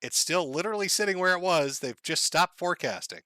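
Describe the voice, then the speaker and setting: A man's voice: high-pitched, animated, fairly quick, pushed and bright, no room sound. A man hosting a live stream, commenting sardonically and laughing often. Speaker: livestream host.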